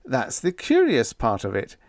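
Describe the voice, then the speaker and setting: A man voicing a gentle, nonchalant young male genius pilot who drawls blandly. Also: medium pitch, wildly swooping pitch, a little slow, no room sound, clean studio sound, voice pushed up.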